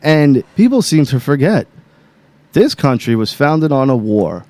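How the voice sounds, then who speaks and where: A man co-hosting a casual talk show, arguing indignantly and getting louder as he presses his point. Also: medium pitch, very animated, measured pace, no room sound. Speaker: co-host. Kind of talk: heated casual chat.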